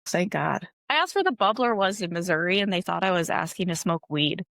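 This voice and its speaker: A woman's voice: on the low side, animated, a little fast, vocal fry, a bit bright, no room sound. A woman from Wisconsin in her thirties, a guest chatting casually in an interview, laid-back and full of "like" fillers.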